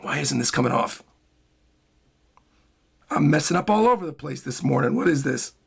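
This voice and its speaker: A man streaming live in casual chat, hoarse with a worn-out voice, excitable and prone to bursts of loud hyped yelling. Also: on the high side, normal speed. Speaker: streamer reacting to a comic chapter.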